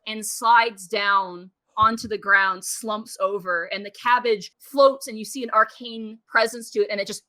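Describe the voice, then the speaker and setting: A woman narrating as game master of a tabletop game, casual and quick to laugh. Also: medium pitch, fairly even intonation, sharp tone. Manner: casual, laughing, restarts often.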